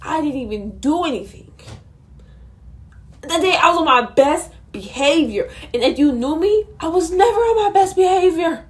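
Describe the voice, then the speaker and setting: A woman's voice: very high-pitched, lively intonation, normal speed. A young woman telling a storytime vlog in an indignant, sassy way, with asides to her viewers. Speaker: vlogger.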